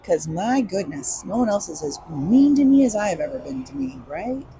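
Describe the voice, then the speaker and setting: A woman's voice: medium pitch, lively intonation, moderate pace, creaky, mellow, a little hiss or hum, rough recording. A woman talking candidly and emotionally in a personal vlog, reflective and earnest, sometimes swearing. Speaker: vlogger.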